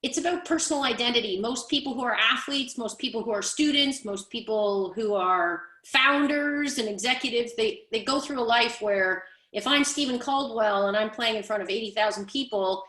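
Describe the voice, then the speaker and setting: Energetic woman coach, echoey sound. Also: fairly high pitch, moderate pace. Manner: energetic, emphatic, repetitive build-ups. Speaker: guest speaker, leadership coach. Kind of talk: conference panel talk.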